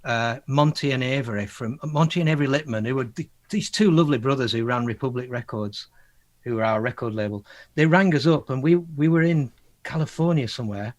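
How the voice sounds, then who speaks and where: A man's voice: medium pitch, fairly quick. Male guest, storyteller energy, voices the quotes, laughs through it. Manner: animated storyteller, acts out quotes, laughs often. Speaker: guest musician. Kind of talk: anecdotal interview talk.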